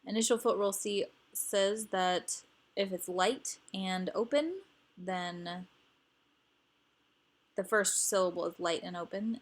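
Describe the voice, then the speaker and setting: A woman teaching grammar rules, explaining patiently and repeating each example word. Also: fairly low pitch.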